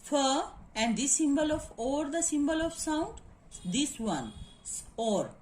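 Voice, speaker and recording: A woman's voice: high-pitched, very animated, slow pace, darkish tone, slight background noise. A woman giving a classroom lecture, repeating each word and spelling the sounds out letter by letter. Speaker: teacher. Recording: echoey room.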